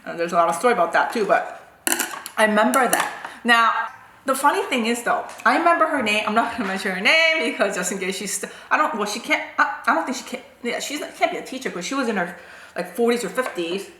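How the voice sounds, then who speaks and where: Brief: bright, chatty woman in her forties, food vlogger telling a story, echoey kitchen. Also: fairly high pitch, fast, slight background noise. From South Korea. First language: Korean. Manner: chatty, animated, full of "like" and "right?". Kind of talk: casual storytelling.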